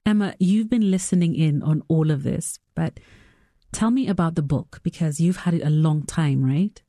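Low, soft-spoken woman interviewer. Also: normal speed, no echo, studio quality. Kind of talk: gentle interview questions.

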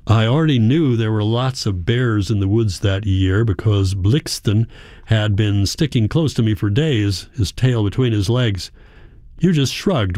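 A man narrates a literary story in the first person, his delivery quiet and measured. His voice sits low and has a warm, mellow tone. The recording is close and dry, with no room sound. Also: dry recording. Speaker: audiobook narrator.

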